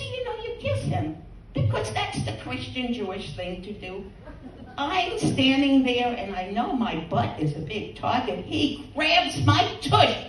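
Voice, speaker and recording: A woman's voice: a little high, slight background noise. A woman doing a bawdy stand-up routine, teasing the audience and laughing at her own jokes. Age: 80s. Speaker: stand-up comedian. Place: comedy stage before a live audience. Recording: roomy, distant stage sound.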